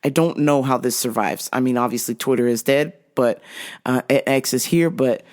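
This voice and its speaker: A woman's voice: extremely low pitch, moderate pace, darkish tone. A woman hosting a casual monologue, blunt and profane, laughing often as she talks. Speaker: host.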